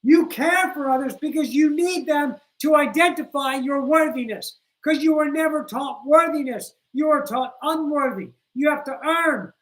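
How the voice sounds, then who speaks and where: A woman with a somewhat high voice gives a spiritual talk on a livestream. She speaks straight to her viewers, blunt and a little profane, hammering her points home by repeating them. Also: normal speed, hardly any pauses, low-quality recording. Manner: addresses viewers directly with insistent repetition.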